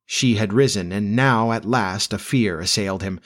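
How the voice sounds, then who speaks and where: A man narrating a classic storybook aloud in a measured, expressive reading. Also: on the low side.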